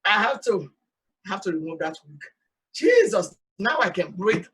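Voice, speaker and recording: A woman from Sierra Leone with a Sierra Leonean accent, hosting an animated, emphatic talk monologue outdoors. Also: medium pitch, normal speed, distant mic, rough recording. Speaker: host. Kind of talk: casual talk show monologue. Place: outdoors in hot sun.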